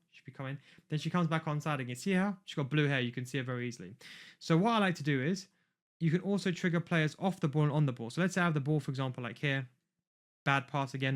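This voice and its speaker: A man giving a casual, rambling gameplay tutorial while he plays. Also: fairly high pitch. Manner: rambling, chatty, talks while playing. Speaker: video game coach.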